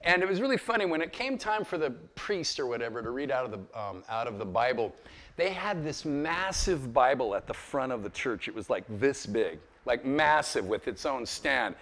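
A man's voice: medium pitch, very animated, moderate pace, a bit bright. A man in his fifties giving an informal Bible lecture to a group, conversational and full of stories and asides. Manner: conversational and storytelling, with asides and chuckles. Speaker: pastor teaching a Bible lecture. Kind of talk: informal teaching talk to a group.

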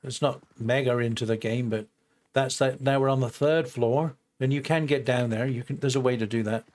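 A man's voice: medium pitch, fairly even intonation, moderate pace, a little mellow. Older man narrating his gameplay. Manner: chatty, thinks aloud with fillers and asides to viewers. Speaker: gameplay host. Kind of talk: casual let's-play commentary.

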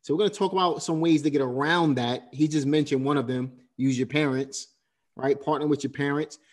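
A man's voice: on the high side, fairly even intonation, fairly quick. A man hosting an interview, recapping the guest's points like a teacher and often tagging "right?". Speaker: host. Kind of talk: interview commentary.

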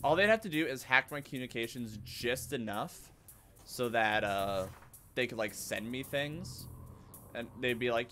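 A man with a medium-pitched voice streams video games and comments live, talking a little fast over soft background music. He's excitable, swears a lot, and keeps jumping into silly put-on voices.

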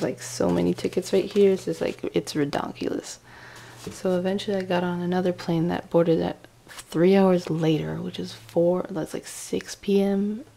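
Young woman vlogger, low mellow voice with vocal fry, chatty and rambling, laughs through her travel stories. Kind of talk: casual travel storytelling. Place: indoors in Austria.

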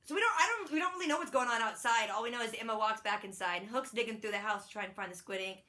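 A woman's voice: fairly high pitch, rapid-fire, bright, forceful tone. A young woman casually recapping a TV episode, chatty and playful, slipping into silly voices for the characters. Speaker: vlogger.

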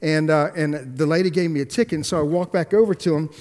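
A pastor telling a story in a sermon, swinging between hushed and emphatic delivery, with halting restarts and repeated words. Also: male voice, on the high side. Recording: long echoey hall reverb.

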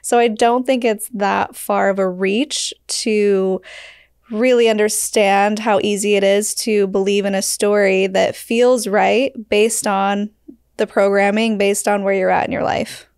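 A woman hosts a podcast conversation, reassuring her guest and turning to speak to the viewers. Her voice has a gravelly fry, and it sounds dry and close, with no room echo. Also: mid-range voice, flat delivery, measured pace, a little mellow. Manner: reassuring, reflective, addresses viewers. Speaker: podcast host.

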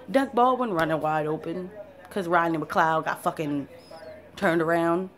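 Female fan vlogger, angry profane football rant, mid-pitched voice. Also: a little slow. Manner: fired-up, cursing, blunt.

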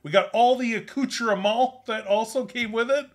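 A man's voice: very high-pitched, normal speed. A man co-hosting a casual comedy chat show, playful and joking, laughing often. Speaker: co-host.

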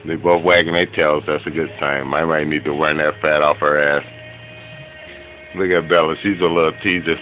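A man filming his dogs at home on a handheld camera, giving an excited, laughing, profane running commentary that turns quieter near the end. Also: normal speed, lo-fi sound, faint music behind. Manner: quieter and lower toward the end. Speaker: dog owner filming his pets. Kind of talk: casual home video commentary. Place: room in a home with a bed.

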